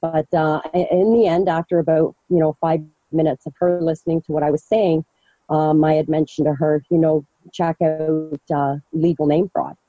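A caller telling a personal story slowly, with halting pauses and many fillers. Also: medium pitch, level tone, dark tone, no echo, lo-fi sound, soft background music. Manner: slow, halting, measured. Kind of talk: personal story on a call-in show.

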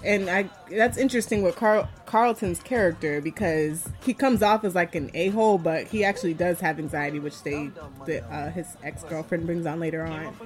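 A woman's voice: lowish voice, moderate pace, hardly any pauses. Thoughtful woman co-hosting a podcast. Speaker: podcast co-host. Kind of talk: casual show review chat.

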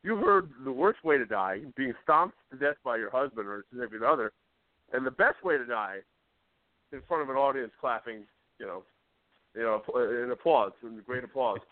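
A man's voice: mid-range voice, expressive, normal speed, no room sound. A man co-hosting a radio show, chatting casually, rambling and laughing as he talks. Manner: rambling, laughs often, restarts. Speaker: co-host. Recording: tinny phone-like sound.

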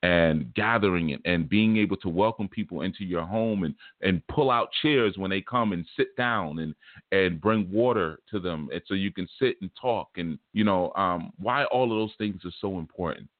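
A man hosting a show, telling a story in a relaxed, rambling way and acting out what people said. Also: low voice, moderate pace, no echo. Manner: relaxed storytelling, repeats "man", acts out quotes. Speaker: spiritual teacher and show host. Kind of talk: casual monologue. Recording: dry phone-like sound.

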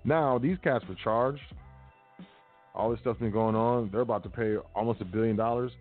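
A man's voice: medium pitch, moderate pace, soft background music. Sarcastic man on a tinny line. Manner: sarcastic, loose street slang, reads news items aloud. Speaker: podcast host. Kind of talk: casual commentary on news.

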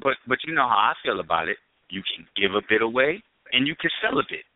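A man's voice: medium pitch, big pitch swings, quick pace, no echo, narrow, tinny audio. A man co-hosting a radio talk show, trading playful jokes in casual chat. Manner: joking, playful banter.

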